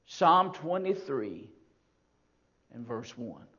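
A man preaching a sermon to his congregation, stressing phrases slowly and repeating them for emphasis. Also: medium pitch, very animated, sharp tone, breathy edge. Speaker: pastor. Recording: dull lo-fi sound.

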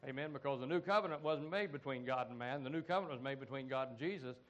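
A middle-aged American pastor preaching a folksy sermon, peppered with "amen" and "come on" asides. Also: male voice, mid-range voice, quick pace, a bit bright, lo-fi sound.

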